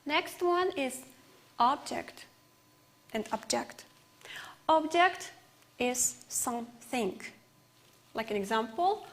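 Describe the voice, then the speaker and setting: A woman with an Uzbek accent teaching an English lesson on TV, explaining words slowly and carefully. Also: fairly high pitch.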